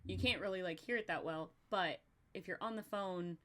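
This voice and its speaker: Young woman, podcast host, casual chat, slight vocal fry, animated and laughing, loose swearing. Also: fairly low pitch, moderate pace.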